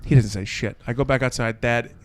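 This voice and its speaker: A man co-hosting a casual podcast, telling a neighbor story with lively play-acting of each person. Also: medium pitch, fairly quick, clear, resonant tone. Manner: animated storyteller, acts out neighbors with a put-on accent. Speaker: podcast co-host. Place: city apartment.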